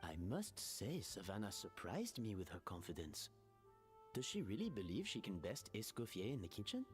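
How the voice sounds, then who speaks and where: An actor playing a polite, formal hotel manager with a put-on French accent who reads each word separately. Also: male voice, lowish voice, huge pitch swings, moderate pace, faint music behind. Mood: courteous.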